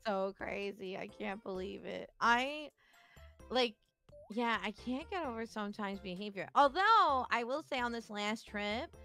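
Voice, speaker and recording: A woman's voice: a little high, unhurried, soft background music. A young woman hosting a stream, telling a story in casual chat and acting out the people she quotes. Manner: animated storytelling, acts out quotes. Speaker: streamer host.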